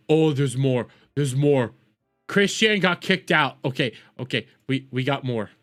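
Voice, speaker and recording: A man's voice: medium pitch, lively intonation, unhurried, fairly bright tone, faint music behind. A young man casually reacting to clips on a stream, crude and swearing, repeating his words as he goes.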